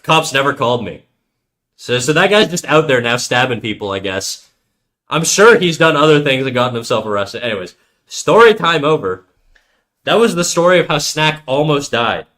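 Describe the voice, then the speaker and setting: A man live streaming, telling a story to his chat in a casual, animated and profane way. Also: mid-range voice, moderate pace.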